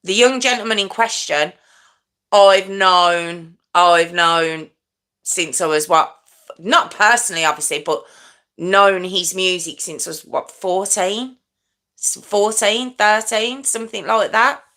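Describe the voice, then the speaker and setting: A middle-aged woman hosts a true crime livestream in a rambling, casual live chat, her medium-pitched voice slow, bright and forceful. She stumbles over her words and corrects herself as she goes.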